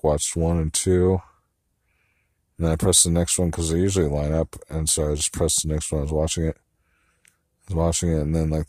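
A man with a very low voice talks to himself in a loose, rambling monologue. He muses and swears casually, full of fillers. The sound is dry and close, with no room around it. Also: a little mellow, slightly rough, no echo. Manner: musing and profane, with frequent fillers.

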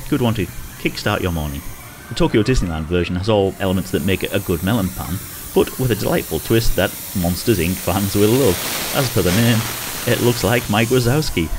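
A man's voice: low voice, background noise. A man giving a casual, rambling walking-tour commentary outdoors in a theme park, chuckling often as he talks.

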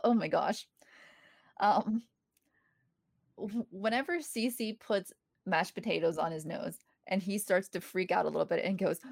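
Woman podcast co-host, animated, slight vocal fry, dry close sound. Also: fairly low pitch, a little slow, pauses often, no room sound. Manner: animated, quoting lines with laughter. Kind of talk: casual chat reviewing a sitcom episode.

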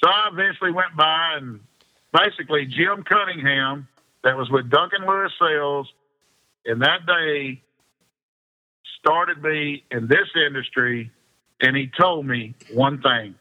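A man's voice: fairly high pitch, measured pace. A man, an interview guest spinning long rambling anecdotes in a casual chat and laughing often. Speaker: interview guest, fishing pro. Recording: dull lo-fi sound.

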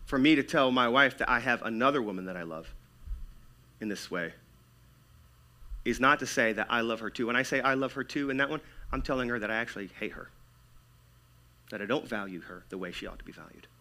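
Bright, emphatic male preacher. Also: medium pitch, a little fast, pauses often. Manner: emphatic, swings between loud and hushed delivery. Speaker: pastor. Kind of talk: sermon.

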